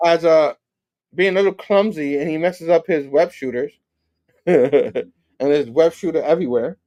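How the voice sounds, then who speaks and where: A man's voice: on the high side, moderate pace, mellow, dull audio. A male host casually recapping a comic book, chuckling as he tells the story.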